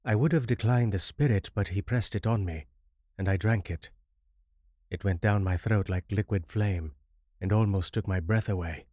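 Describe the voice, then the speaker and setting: A man narrating a Victorian horror story in a steady, measured reading. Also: fairly low pitch, dry recording, clean studio sound.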